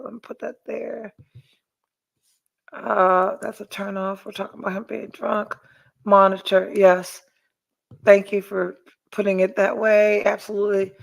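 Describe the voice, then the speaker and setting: A woman's voice: medium pitch, creaky, a bit bright. A middle-aged woman hosting a podcast, telling a story in casual chat and reading viewer comments, blunt and profane. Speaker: podcast host.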